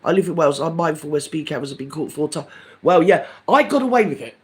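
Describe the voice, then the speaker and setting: An older man with a fairly high, fast voice hosts a live stream, chatting with viewers in a camp, gossipy style and calling everyone darling. He's the host, keeping things casual, and his delivery is lively and animated, swinging up and down.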